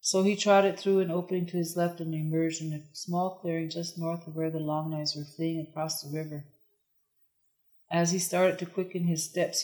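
A narrator reading a historical novel aloud in a measured, even delivery. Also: medium pitch, poor audio. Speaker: audiobook narrator.

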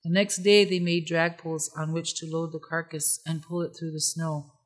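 A storyteller calmly reading a folk tale aloud at a measured pace. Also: medium pitch. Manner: calm, measured. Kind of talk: scripted story narration.

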